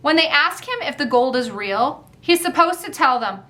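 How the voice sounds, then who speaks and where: A woman's voice: high-pitched, lively intonation, normal speed, sharp tone. A woman narrating a first-person audiobook in a wry, chatty manner.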